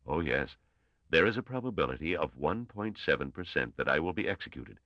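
A man voicing a shrewd, brisk old male mathematician who speaks in clipped, testing commands. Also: a bass voice, sing-song, dry recording, highs cut off. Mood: matter-of-fact.

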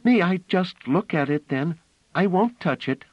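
An eager little girl bursts out in high, breathless cries, put on by a man reading aloud. Her voice jumps up squeaky and loud. She sounds insistent and restless, with no patience for waiting. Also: animated, a little slow, no room sound, highs cut off. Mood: excited.

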